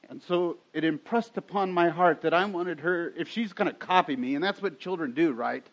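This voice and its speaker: Chatty storytelling pastor, lo-fi sound. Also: male voice, a little high, moderate pace, a bit bright. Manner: chatty storytelling with frequent laughs. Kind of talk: sermon. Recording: dull lo-fi sound.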